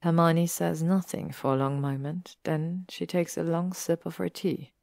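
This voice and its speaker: A woman narrates a story in a measured, steady way. Her voice is low with a gravelly fry, and the recording is dry and close. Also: dry recording. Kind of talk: audiobook reading of fan fiction.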